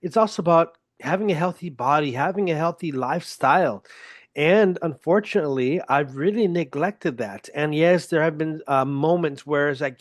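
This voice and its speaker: A man's voice: fairly high pitch, moderate pace, no echo, clean studio sound. A man hosting a solo podcast in a casual, self-deprecating, joking manner. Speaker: podcast host.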